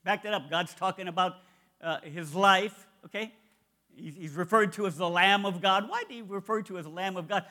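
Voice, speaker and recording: A male preacher giving a sermon, emphatic and repetitive, dropping soft then rising loud to stress his points. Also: sits high, moderate pace. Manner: emphatic, repeats key phrases, swings between soft and loud.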